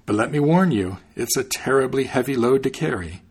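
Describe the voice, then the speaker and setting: A man's voice: mid-range voice, expressive, brisk, husky. A man reading the part of a naive, cheerful young traveler in a storybook tale, speaking eagerly.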